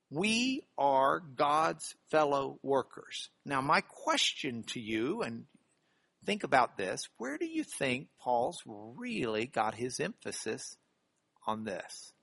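A Bible teacher giving a sermon-style lesson, who repeats key phrases for emphasis, reads scripture slowly and deliberately, and asks the audience questions directly. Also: medium pitch, big pitch swings, creaky, fairly bright tone, slightly rough, no echo.

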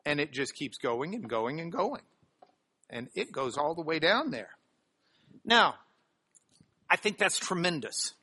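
A preacher giving an expository sermon who reads scripture aloud, leans hard on key words and sounds out Greek terms slowly. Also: mid-range voice, pushed and bright, breathy edge. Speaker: preacher teaching a Bible class.

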